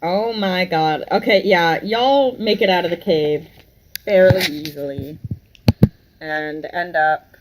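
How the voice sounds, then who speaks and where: A woman's voice: lowish voice, takes it slowly, background noise. A woman narrating and running a tabletop role-playing game, speaking hesitantly with fillers. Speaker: game master.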